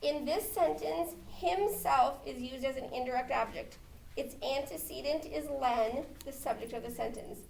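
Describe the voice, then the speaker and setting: High-voiced woman teaching in an echoey classroom. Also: moderate pace, gravelly, a little mellow, slight background noise. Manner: explains with repeated "okay?" checks. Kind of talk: classroom grammar lesson. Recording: echoey classroom, mic far off.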